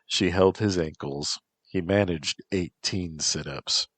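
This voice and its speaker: A man with a very deep, husky voice reads a story slowly and with measured calm. The sound is dry and close, with no room around it. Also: dry recording. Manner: slow, measured. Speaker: narrator. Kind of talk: storybook reading.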